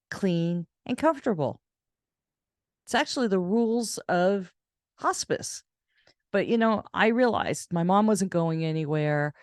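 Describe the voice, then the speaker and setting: A woman's voice: dry recording, studio quality. A woman caregiver telling a personal story in a casual vlog, acting out the voices in the dialogue she quotes. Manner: animated, acts out quoted voices in a higher pitch. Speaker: caregiver and channel host.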